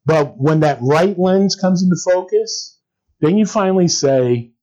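A man's voice: a little high, takes it slowly, dark tone, lo-fi sound. A man preaching a sermon as a pastor in a conversational way, with frequent fillers and restarts.

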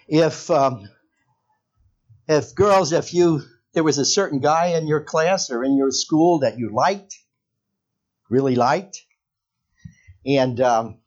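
Male pastor, sermon, lively pitch, slow delivery, questions to the congregation, dull lo-fi church recording. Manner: conversational, asks the congregation questions.

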